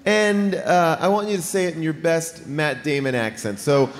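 A man's voice: on the high side, moderate pace, long reverb tail, a little hiss or hum. A man co-hosting a live comedy podcast, playfully taking audience questions. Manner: playful, animated emcee. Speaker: podcast co-host and emcee. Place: live stage in a large hall.

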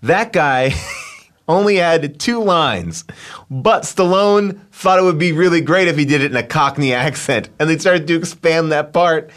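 A man with a slightly raised voice and a lot of swing in his pitch talks through film trivia with a group. He laughs easily, stumbles through fillers, and keeps the chat bouncing. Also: measured pace. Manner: animated, laughs often, reads out trivia with fillers. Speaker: podcast co-host presenting film trivia. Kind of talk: casual chat.

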